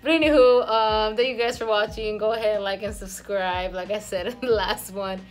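A woman's voice: medium pitch, fairly even intonation, moderate pace. A woman in her twenties chatting casually to camera in a vlog, rambling with fillers and laughing easily. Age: 20s. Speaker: vlogger.

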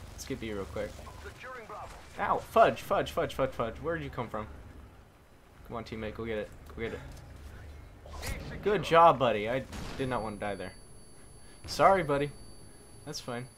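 A man's voice: medium pitch, lively intonation, normal speed, long pauses, fairly bright tone, slight background noise. A man commentating his own shooter gameplay, talking to himself and swapping in mild words for swears. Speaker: gaming commentator. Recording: gunfire game audio behind the voice. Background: game gunfire.

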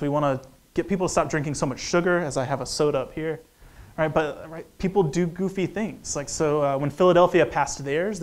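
A man in his thirties giving a joking, conversational economics lecture to an audience, acting out little dialogues. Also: fairly high pitch. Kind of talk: lively lecture talk.

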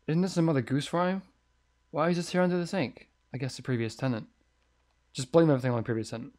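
A man's voice: fairly high pitch, fast talker, a little mellow. Jumpy, swearing man playing a horror game. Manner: jumpy, swears often, thinks aloud. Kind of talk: let's play commentary.

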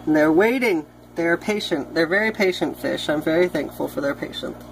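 A woman's voice: low-pitched, moderate pace, slight background noise. A woman vlogging casually at home, playfully chatting to her aquarium fish. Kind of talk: casual vlog tour.

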